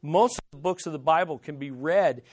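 Middle-aged male pastor, high-pitched voice, casual and emphatic sermon delivery, repeats key phrases. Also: a little fast.

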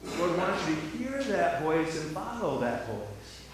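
A man's voice: fairly high pitch, very animated, a little slow, slight background noise. A man preaching a sermon as pastor, often repeating words and asking the listeners rhetorical questions. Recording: very echoey hall, mic at a distance.

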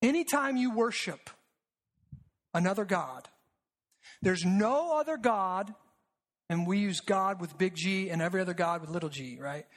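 A preacher mid-sermon, speaking in a rhetorical style full of repeated lines and quick "right?" checks. Key phrases are pressed home by sinking lower and softer. The delivery stays steady and earnest. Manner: rhetorical and repetitive, with frequent "right?" asides; drops low and quiet for emphasis.

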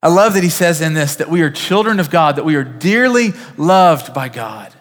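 A man preaching a sermon as pastor, earnest, naming listeners one by one, building to emphatic peaks and dropping to a soft hush. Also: on the high side, expressive, moderate pace. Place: church sanctuary. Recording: reverberant church hall.

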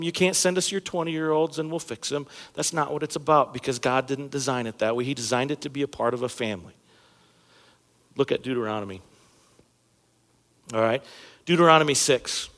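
A man's voice: mid-range voice, a bit bright. A man in his thirties preaching a sermon as a pastor, talking in a conversational, joking way and hitting key words hard. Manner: conversational and humorous, jokes with the congregation; emphatic, punching key words. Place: church sanctuary stage under bright lights. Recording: long reverb of a large hall.

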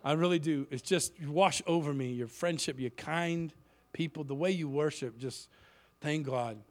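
A man's voice: fairly high pitch, fairly bright tone. A man preaching as a guest speaker in a church, telling a story in a joking, self-mocking way. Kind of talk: humorous sermon storytelling.

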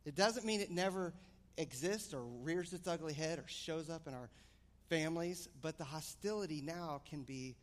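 A man preaching a sermon, telling a family story in an animated, storytelling way. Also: on the high side. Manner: animated storytelling, rising excitement. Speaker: pastor. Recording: long hall reverb.

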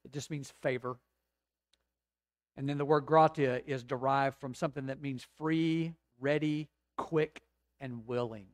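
A man preaching a sermon as pastor, rising to emphatic swells and dropping to slow, quiet reflection. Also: mid-range voice, steady tone, dry recording.

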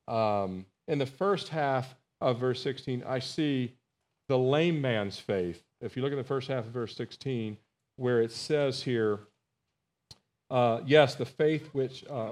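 A male pastor preaching a Bible study sermon, earnest and emphatic, repeating words and calling out to his congregation. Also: medium pitch. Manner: earnest, emphatic, rising on key phrases, asks the congregation "Amen?"; repeats words and restarts phrases.

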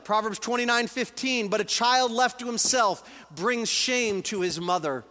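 Bright-voiced pastor preaching in a hall. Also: male voice, very high-pitched, measured pace, few pauses. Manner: earnest, conversational preaching with scripture readings. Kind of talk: sermon. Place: church sanctuary. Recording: reverberant church hall.

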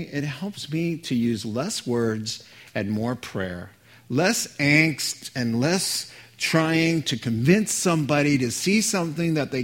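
A man preaching a sermon as a pastor, conversational and joking with the congregation. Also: medium pitch.

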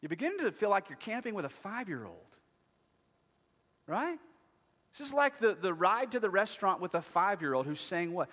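A man preaches in a big church hall, his voice bright and ringing with long reverb. His pitch swings widely as he jokes and acts out whiny voices. He sounds like a pastor in his thirties. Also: normal speed. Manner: lively, jokey preaching with acted voices. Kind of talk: sermon. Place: church sanctuary.

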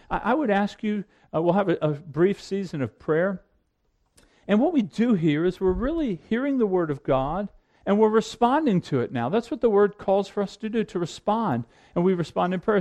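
A man preaching a sermon as pastor in a church, earnest and pleading, rising to loud emphasis and dropping to a hush. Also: high-pitched.

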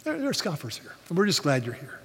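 A man preaching a sermon as pastor, animated, often restarting words as he goes. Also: on the high side, quick pace, slight background noise. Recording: long reverb of a large hall.

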